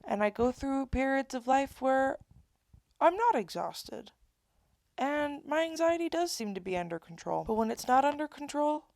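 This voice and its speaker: A young woman in her twenties with a gravelly, creaky edge to her voice, venting to camera. She rambles and keeps restarting her thoughts. The sound is close and dry, with no room around it. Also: a little high, a little mellow, no room sound. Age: 20s. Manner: rambling, self-interrupting, candid. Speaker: vlogger. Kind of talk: casual confessional monologue.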